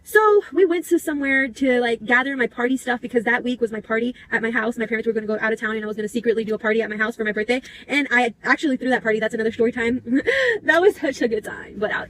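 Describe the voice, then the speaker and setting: A woman's voice: a little high, steady tone, racing, hardly any pauses, a bit bright, slight background noise. A young woman telling a storytime vlog in a chatty, profane way, full of "like". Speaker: vlogger.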